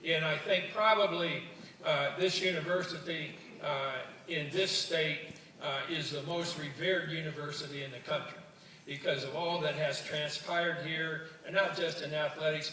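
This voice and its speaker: A man's voice: a little high, sharp tone. An older man from Ohio, a former coach, giving a folksy luncheon speech with jokes and stories, often repeating words as he restarts. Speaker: guest speaker, former coach. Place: university student union luncheon hall. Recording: roomy hall, distant mic, faint room noise.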